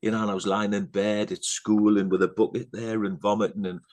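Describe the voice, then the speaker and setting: A podcast guest from England, a middle-aged man, tells a story in casual conversation with a lowish voice, level tone, and fairly quick pace. He wanders through fillers and asides and often lowers his voice to a hushed, earnest register.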